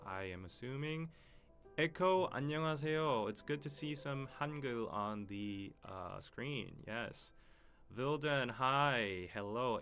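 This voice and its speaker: A man, hosting a relaxed live-stream Q&A and reading out viewer comments. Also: fairly low pitch. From Korea. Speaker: podcast host.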